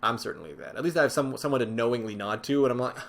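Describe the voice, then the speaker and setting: Rambling, excitable man narrating gameplay. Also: medium pitch, very fast, gravelly. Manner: chatty and rambling, with sudden excited exclamations. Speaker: gaming channel host. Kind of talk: casual commentary while playing a card game. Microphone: desk microphone with webcam.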